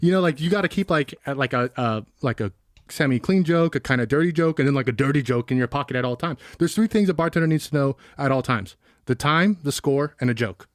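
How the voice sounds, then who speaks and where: Fast-talking joking man. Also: mid-range voice, expressive, no room sound, clean studio sound. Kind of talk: casual chat.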